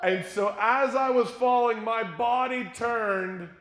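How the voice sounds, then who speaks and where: A man speaking at a youth conference, telling a jokey, animated story to middle schoolers and leading a short prayer. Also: very high voice, slow pace, very noisy. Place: church conference room with an audience. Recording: echoey room.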